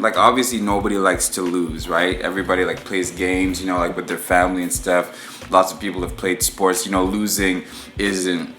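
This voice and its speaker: A man's voice: deep voice, sharp tone, reverberant. A young man hosting a casual solo podcast, frustrated and heated, swearing and restarting his sentences as he vents. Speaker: podcast host. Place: home room while watching a football game.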